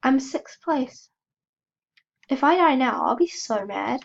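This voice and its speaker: Battling a cold, this woman hosts a gaming channel and keeps up casual, self-deprecating chatter as she plays, letting out gasps and squeals when she gets startled. She speaks slowly in a high voice with lively intonation and some vocal fry, and the recording is muffled.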